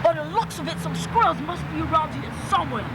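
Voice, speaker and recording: A man's voice: very high-pitched, pitched above the performer's own voice. A young man narrating a homemade nature documentary, putting on a hammy Australian nature-show host accent, recorded outdoors on home video with traffic noise behind. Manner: hammy, exaggerated greetings and drawn-out asides. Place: outdoors near a road, cold.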